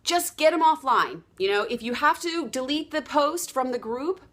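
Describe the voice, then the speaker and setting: A woman giving a motivational sales training talk, acting out quoted dialogue with lively energy. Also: high-pitched, moderate pace. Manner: animated, acts out quoted dialogue. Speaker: sales coach.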